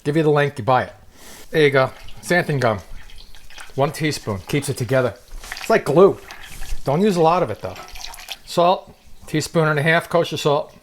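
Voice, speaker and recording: A man's voice: a little high, lively intonation, normal speed, pauses often, slight background noise. A man hosting a casual cooking demonstration in a kitchen, joking and chatting to the viewer. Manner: jokey, chatty, talks to the viewer. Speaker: cooking show host. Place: home kitchen.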